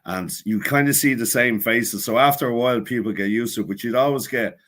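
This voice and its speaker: A man with a Dublin accent, a guest on a casual sports chat, talking in an opinionated, animated way. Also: medium pitch, fairly quick.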